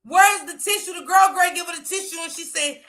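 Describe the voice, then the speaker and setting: A woman giving casual livestream commentary in an animated way, laughing and talking back at the footage. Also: extremely high pitch, a little fast.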